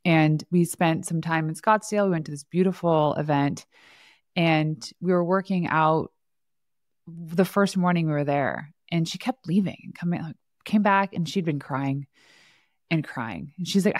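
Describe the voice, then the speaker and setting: A woman's voice: deep voice, normal speed, a little mellow, dry recording, studio quality. A woman podcast host telling stories in a chatty way and laughing often. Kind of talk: casual conversation.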